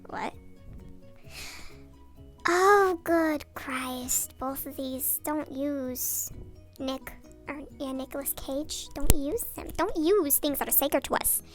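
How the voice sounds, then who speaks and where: A woman's voice: slow, faint music behind. A young woman ranting sarcastically and rambling off-topic late at night in her bathroom, her voice digitally sped up. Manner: rambling, sarcastic, off-topic, with swearing and mock outrage. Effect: voice digitally sped up and pitched up. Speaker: YouTuber. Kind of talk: late-night rant vlog.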